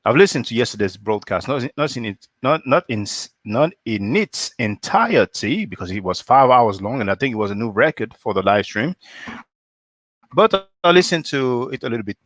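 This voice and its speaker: A man hosting a live stream, talking in a measured, hesitant way and often clearing his throat. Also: mid-range voice, big pitch swings, fairly bright tone, no echo, clean studio sound. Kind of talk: casual discussion.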